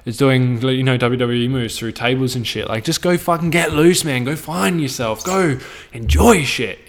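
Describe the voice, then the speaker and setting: A man's voice: mid-range voice, moderate pace. An Australian man hosting a podcast, ranting casually with blunt, heavy swearing and a preachy tone. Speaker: podcast host.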